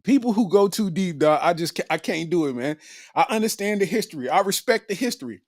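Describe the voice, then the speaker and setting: Laughing man ranting with lively pitch. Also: quick pace, dry recording, studio quality. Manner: loud laughing, slangy, freestyles a rap at the end. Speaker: podcast host. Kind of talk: comedic rant.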